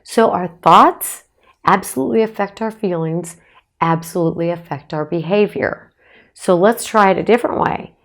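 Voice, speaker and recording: Woman, middle-aged, psychologist, slightly low voice, emphatic, encouraging advice talk. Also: moderate pace. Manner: encouraging, emphatic, addresses listener directly. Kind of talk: direct-to-camera advice talk.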